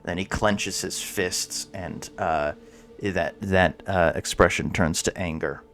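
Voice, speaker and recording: Male tabletop game master; low, slow, halting narration. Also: fairly bright tone, soft background music. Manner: halting, searching for words.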